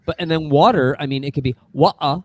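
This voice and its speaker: A man talking casually as a musician guest on a podcast, halting often and restarting his words, with casual swearing. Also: on the high side, background noise. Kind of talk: casual chat.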